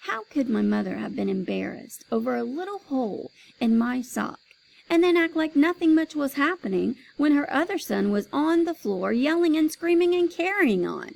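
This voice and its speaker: A woman, a teacher, reading a children's chapter book aloud with expressive storytelling. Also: high voice, moderate pace, creaky, low-quality recording.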